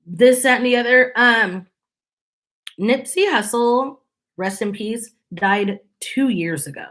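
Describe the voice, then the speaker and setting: A woman's voice: on the high side, takes it slowly, pauses often, a bit bright. A woman hosting her channel, talking casually to viewers in an exasperated, sarcastic, opinionated way. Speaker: channel host.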